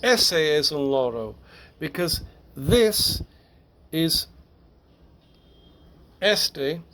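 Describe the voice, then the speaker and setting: A man teaching Spanish grammar to English speakers, explaining step by step, halting and correcting himself as he goes. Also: on the high side, animated, sharp tone. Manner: slow, halting, with restarts and self-corrections.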